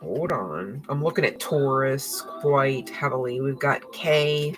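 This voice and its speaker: A woman's voice: extremely low pitch, slow, background noise. A woman giving a casual tarot reading, chatty and slangy, swearing freely and peppering her talk with fillers. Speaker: tarot reader.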